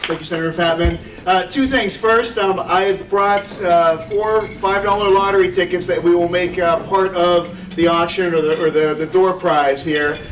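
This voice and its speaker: Chatty politician, high voice, echoey hall, far from the mic. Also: male voice, fairly even intonation, moderate pace, few pauses, noisy background. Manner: self-deprecating, chatty. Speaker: state representative. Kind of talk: speech and joke-telling at a community party. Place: senior center hall.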